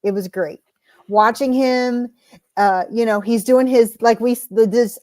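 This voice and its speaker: A woman's voice: a little high, moderate pace, darkish tone, no echo. A woman co-hosting a casual wrestling reaction podcast, talking animatedly and acting out quotes in playful voices. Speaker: podcast co-host.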